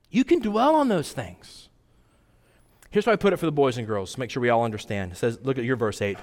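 A man preaching a sermon, telling stories casually and acting out quoted lines with big jumps in voice. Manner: animated storytelling, acts out quotes with pitch jumps. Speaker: pastor. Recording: long hall reverb.

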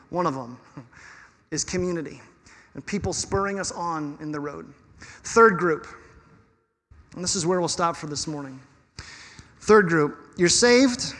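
Male pastor, higher-pitched, earnest and chatty preaching, long reverb of a sanctuary. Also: fairly bright tone. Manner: conversational, earnest, quick laughs between points. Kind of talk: sermon. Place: church sanctuary.

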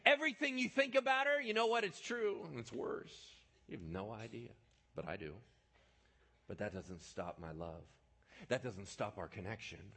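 A man preaching a sermon, retelling a Bible story with lively storytelling, dropping from loud bursts to hushed asides. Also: high voice, measured pace.

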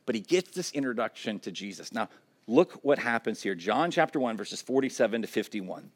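A pastor delivering a sermon in a relaxed, conversational manner, often checking in with the listeners and building to emphatic repeated declarations. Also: male voice, on the low side, a little fast.

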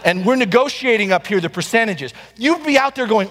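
A man's voice: high-pitched, lively intonation, fairly quick, fairly bright tone, slight background noise. A man preaching a sermon to his church, driving points home with rhetorical questions and repetition. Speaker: pastor. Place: church sanctuary. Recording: long reverb of a hall.

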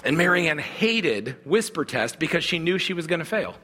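A man's voice: fairly high pitch, big pitch swings, normal speed, pushed and bright, breathy edge, long reverb tail. A man preaching a sermon as a pastor, talking to the congregation in an earnest, conversational way.

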